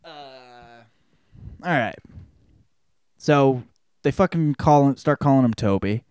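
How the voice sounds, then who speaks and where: A man's voice: medium pitch, animated, slow pace, a little mellow, clean tone. A man hosting a podcast, giving a casual spoken book report in a rambling, joking way with lots of swearing. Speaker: podcast host.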